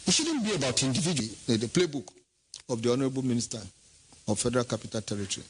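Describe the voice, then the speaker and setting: A man's voice: mid-range voice, expressive, very fast, slight background noise, rough recording. A man giving an impassioned political statement, emphatic and full of rhetorical questions.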